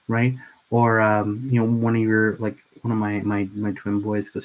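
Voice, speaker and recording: A man's voice: on the low side, completely flat delivery, moderate pace, a little hiss or hum, rough recording. A middle-aged man hosting a casual livestream while painting miniatures, rambling and earnest with frequent restarts.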